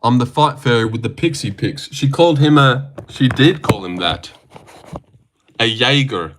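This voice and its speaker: Bright-voiced man teasing on stream. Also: medium pitch, expressive, unhurried, a little hiss or hum. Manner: joking, teasing, swearing. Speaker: streamer reacting to fights. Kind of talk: casual stream chat.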